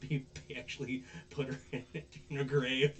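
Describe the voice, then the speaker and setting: A man's voice: mid-range voice, slow pace. A man hosting a casual podcast, recapping anime episodes in a rambling way with lots of fillers and restarts, and acting out the characters' lines. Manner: acts out characters' lines in animated voices. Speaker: podcast host.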